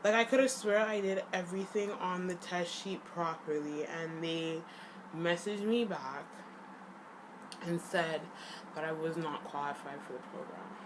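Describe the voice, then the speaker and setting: A young adult woman venting to her viewers in a casual, upset rant, filling every pause with "like". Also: lowish voice, steady tone, noisy background. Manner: upset ranting, heavy use of "like". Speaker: vlogger.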